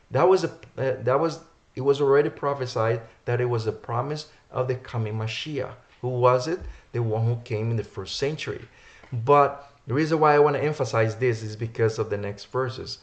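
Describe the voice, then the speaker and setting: A man's voice: mid-range voice, normal speed. A man preaching a sermon, reading verses aloud and repeating key words for emphasis. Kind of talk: sermon teaching from scripture.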